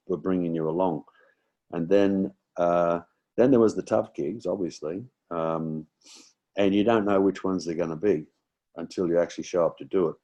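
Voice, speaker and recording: A man's voice: low voice, mellow. A man in his sixties with an Australian accent, a guest comedian telling rambling stories in a casual chat, with many fillers and restarts.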